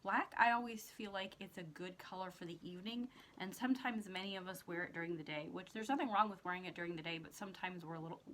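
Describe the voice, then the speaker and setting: A woman's voice: on the low side, quick pace, few pauses, fairly bright tone, a little hiss or hum. A woman hosting a makeup tutorial, talking casually through each step as she works, with her eyes watering. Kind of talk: casual how-to demonstration.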